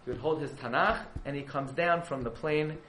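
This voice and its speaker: A man who is a yeshiva rabbi, telling a story as a sermon, dramatic and surging from hushed to loud. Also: on the high side, moderate pace, reverberant, a little hiss or hum, low-quality recording.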